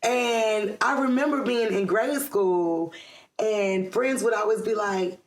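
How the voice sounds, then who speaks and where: A woman's voice: mid-range voice, a little slow, echoey room. A middle-aged woman from the Atlanta area, chatting as a guest in an interview, with lots of ums and frequent laughs. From Atlanta area, USA. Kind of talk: casual interview chat.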